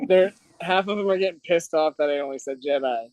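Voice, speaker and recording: Rambling higher-voiced man on a stream. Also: noisy background. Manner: rambling, halting. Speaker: guest. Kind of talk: casual stream chat.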